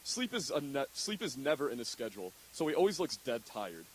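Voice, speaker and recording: A man announcing candidates at a school assembly, reading jokey introductions in a deadpan way. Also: medium pitch, a little fast, poor audio. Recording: faint hiss.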